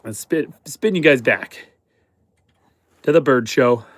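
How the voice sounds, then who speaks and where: A man from Canada hosting a homesteading livestream with a head cold, his voice stuffy and slightly hoarse, chatting upbeat with viewers and his animals. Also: medium pitch, slow pace, no echo. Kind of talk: casual livestream chat reading viewer comments. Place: chicken coop on a homestead.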